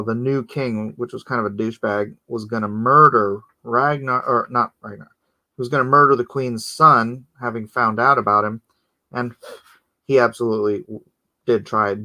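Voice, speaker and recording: A man, a comic artist, chatting casually on a live stream while he inks, rambling and growing animated as he laughs through a story. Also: medium pitch.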